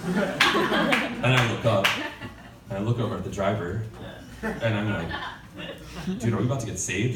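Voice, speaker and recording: A man performing a stand-up comedy set, telling stories with sudden shouted punchlines and plenty of swearing. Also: on the low side, very animated, normal speed, long pauses, echoey room, recorded from a distance, heavy background noise. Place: comedy club stage.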